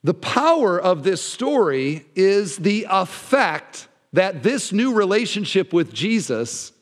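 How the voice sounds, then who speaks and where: A man preaching a sermon as pastor, animated, his voice often dropping low at the ends of phrases. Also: slow pace. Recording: long hall reverb.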